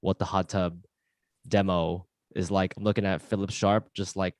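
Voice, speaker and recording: A man's voice: low voice, flat delivery, normal speed, darkish tone, no room sound. A man in his thirties from New York doing a stand-up comedy set, chatty and rambling, self-deprecating with lots of filler words. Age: 30s. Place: home, online show.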